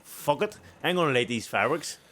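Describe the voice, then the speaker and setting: A young man with a Belfast accent, co-hosting a podcast and telling profane stories in an animated way, laughing often. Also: mid-range voice, moderate pace. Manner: animated, profane storytelling that keeps breaking into laughter. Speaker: co-host. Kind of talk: casual podcast chat.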